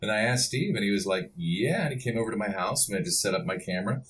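A middle-aged male voice actor, a podcast guest, telling rambling, animated stories with many restarts. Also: on the low side, racing. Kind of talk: casual podcast interview.

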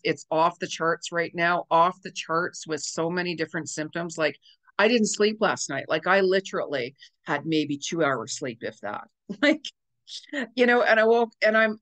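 Low-voiced gushing psychic woman. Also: a bit bright. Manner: gushing, repetitive, spiritual. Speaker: psychic medium. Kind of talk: casual astrology forecast talk.

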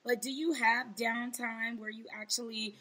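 A woman's voice: on the high side, steady tone, normal speed, bright, forceful tone, rough recording. A woman hosting an interview, asking long, rambling questions with enthusiasm. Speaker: interview host. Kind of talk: casual interview.

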